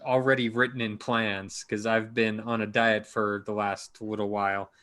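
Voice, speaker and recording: A man's voice: lowish voice, little pitch movement, normal speed, a bit bright. A man co-hosting a car podcast in casual chat, rambling and stumbling over his words. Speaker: podcast co-host.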